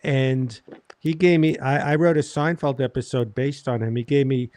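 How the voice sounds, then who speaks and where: A male comedian telling anecdotes in a deadpan, exasperated casual chat. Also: mid-range voice, normal speed, dry recording. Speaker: comedian, show host.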